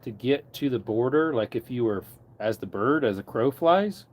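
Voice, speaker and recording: A man's voice: medium pitch, lively intonation, moderate pace, darkish tone. Rambling man in his thirties chatting. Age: 30s. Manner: rambling, answers chat comments aloud. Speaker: livestreamer. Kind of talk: casual livestream chat.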